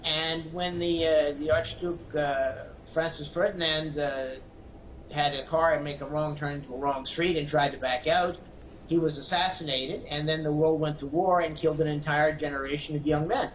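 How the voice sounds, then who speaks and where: A man as a guest commentator on a news program, giving strong political opinions with many hesitant pauses and fillers. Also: a little high, fairly even intonation. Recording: dull lo-fi broadcast audio with faint noise.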